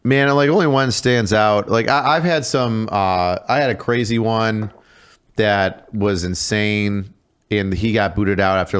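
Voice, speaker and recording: A man with a lowish voice who used to be a drill sergeant talks in a casual podcast chat. He is blunt and drops dry, wry asides. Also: smooth.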